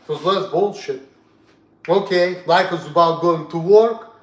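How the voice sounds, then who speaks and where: A young man from Russia with a Russian accent, ranting bluntly and profanely on a livestream, repeating himself and swinging between loud and soft. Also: on the high side, unhurried, highs cut off. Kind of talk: casual rant to stream.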